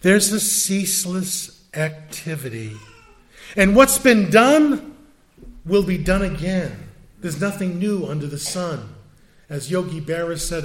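A man's voice: high voice, animated, slow. A man in his sixties preaching a sermon in a conversational way, full of rhetorical questions and asides. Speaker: pastor.

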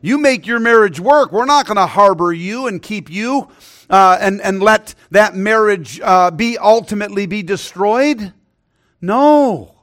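A middle-aged male preacher delivers his sermon in a notably high voice. He is earnest, calling for amens, and often sinks to a hushed, softer tone when he tells a personal story. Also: unhurried. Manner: earnest, drops to a hushed voice for stories.

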